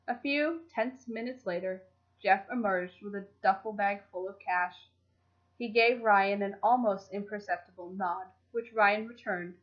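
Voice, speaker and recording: A woman reading a fan fiction story aloud in steady, expressive audiobook-style narration. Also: mid-range voice, highs cut off.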